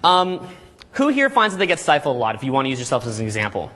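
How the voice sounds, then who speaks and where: A man's voice: medium pitch, fast talker. A man coaching a live seminar audience, talking energetically and quizzing the room. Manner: animated, energetic, audience questions.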